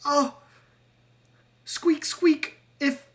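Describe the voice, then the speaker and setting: A woman voicing a timid rat-person guide who keeps squeaking between words in a tabletop game. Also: steady tone, very slow, poor audio. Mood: eager. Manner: peppers speech with squeaks.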